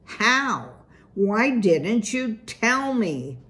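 A self-important father mouse from a storybook, talking in a formal, grand manner, as a woman reader puts him on. His voice sits low and unhurried, and he drags out his words. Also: expressive. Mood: pompous. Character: pompous fussy father mouse, male elder.

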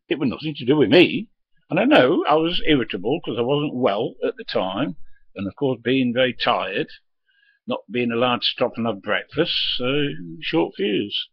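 Blunt older man, gruff and sweary. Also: medium pitch, big pitch swings, moderate pace, dry recording, muffled recording. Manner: blunt, swears freely, acts out his own and others' lines. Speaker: retired lorry driver telling stories. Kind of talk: casual storytelling monologue.

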